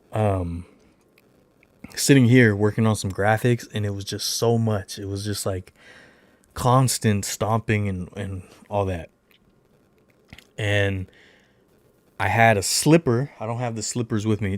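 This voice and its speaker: A young adult man hosting a casual livestream, telling a long rambling story with lots of filler and animated retellings. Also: on the low side, no room sound. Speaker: livestream host.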